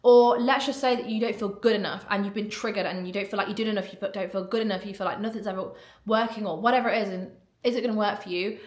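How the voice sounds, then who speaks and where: A woman talking casually as a mindset coach, animated and blunt, swearing now and then and acting out inner voices. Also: medium pitch, fast talker. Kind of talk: casual solo podcast talk. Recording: roomy echo.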